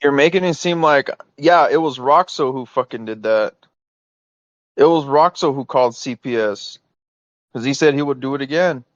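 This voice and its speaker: A man's voice: medium pitch, normal speed, no echo. A man on a heated private voice call, talking in an insistent, exasperated way, full of "like" and "you know", on dull lo-fi audio. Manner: insistent, exasperated, filler-heavy.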